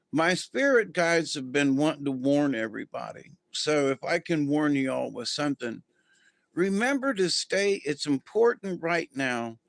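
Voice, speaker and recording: Slow rambling man, spiritual chat. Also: fairly high pitch, fairly bright tone, no echo. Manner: rambling, easygoing, many ums and restarts. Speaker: spiritual channel host. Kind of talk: casual spiritual livestream talk.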